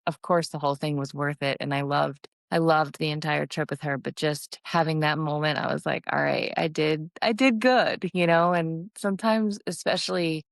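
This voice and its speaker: A woman's voice: deep voice, fairly even intonation, normal speed, gravelly, hardly any pauses, dry recording. A middle-aged woman hosting her own podcast, talking candidly in a rambling, casual way and swearing freely. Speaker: podcast host. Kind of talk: casual solo podcast monologue.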